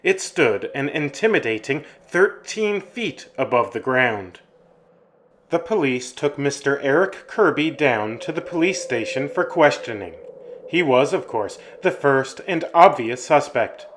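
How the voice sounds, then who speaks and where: A man tells a scary story in a steady, ominous narrating voice at a middling pitch. His reading is measured and deliberate, with a faint hiss in the background. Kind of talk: scripted horror story narration.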